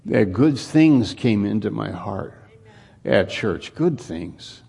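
A male pastor preaching a sermon, unhurried and often repeating or restarting his words. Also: on the low side, expressive, vocal fry, dark tone, husky.

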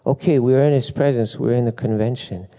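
A middle-aged man preaching a sermon, telling lively stories with asides and bursts of laughter. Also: mid-range voice, fairly quick. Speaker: pastor.

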